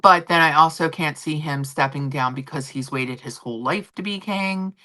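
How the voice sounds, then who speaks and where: A middle-aged woman hosts a livestream, casually chatting about royal gossip with strong opinions, lots of fillers and restarts. Her voice sits low and sounds pushed and bright, at a moderate pace.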